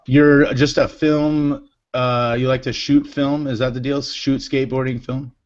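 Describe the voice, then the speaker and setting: A man hosting a casual group chat on a video call, jokey and quick to laugh. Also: mid-range voice, level tone. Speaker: show host. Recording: dull lo-fi call audio, faint noise.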